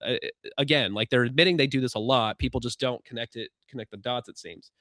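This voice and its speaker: Fast-talking male podcast host. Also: mid-range voice, no echo, studio quality. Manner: fast-talking, animated, wry. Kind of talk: casual conversational commentary.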